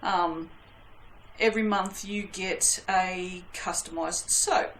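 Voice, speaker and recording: A woman's voice: fairly low pitch, steady tone, takes it slowly, fairly bright tone. Woman vlog host, casual rambling crafter, roomy webcam sound with faint hiss. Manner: rambling, self-deprecating, swears lightly. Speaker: soap-making channel host.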